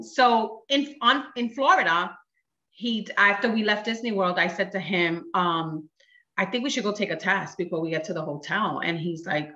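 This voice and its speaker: A woman in her thirties, a guest sharing her personal testimony, telling her story with animated quoted dialogue. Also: lowish voice, roomy sound, muffled recording.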